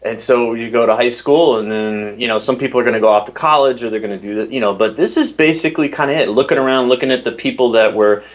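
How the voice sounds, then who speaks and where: Rambling, animated man telling stories. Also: mid-range voice, quick pace, hardly any pauses. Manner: rambling, animated storytelling with restarts. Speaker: podcast host, interview guest. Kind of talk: casual interview.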